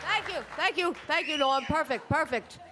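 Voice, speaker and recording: A woman's voice: sits high, normal speed, over a noisy crowd, very noisy. A woman comedian opening her stand-up set on a club stage, bubbly and self-mocking.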